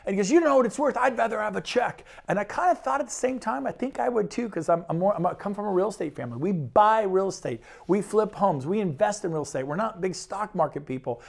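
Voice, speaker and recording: A man's voice: sits high, expressive, fast talker, gravelly, hardly any pauses, a little mellow. A man giving an enthusiastic sales presentation about real estate, talking conversationally and acting out quotes.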